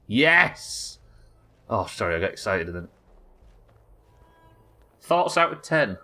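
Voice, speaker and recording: A man's voice: low-pitched, sing-song, a little slow, pushed and bright. A young man streaming a game live, chatting casually and rambling, swearing and reacting aloud as he plays. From United Kingdom. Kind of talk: live gameplay commentary.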